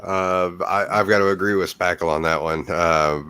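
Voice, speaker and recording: A man's voice: low voice, fairly even intonation, normal speed, bright, forceful tone, smooth. A man in his thirties chatting casually on a panel, hesitant with many fillers. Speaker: panel guest. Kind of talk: casual chat.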